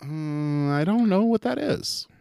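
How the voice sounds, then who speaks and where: A man's voice: fairly high pitch, lively intonation, slow, gravelly, dark tone, smooth, no echo, studio quality. A man co-hosting a podcast in casual chat, joking, laughing often and swearing freely. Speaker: podcast co-host.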